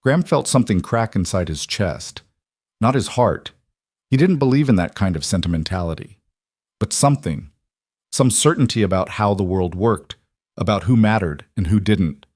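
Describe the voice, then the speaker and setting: Low guy reading a story out, steady and even, dry close sound. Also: normal speed, no echo. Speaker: narrator. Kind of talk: scripted story narration.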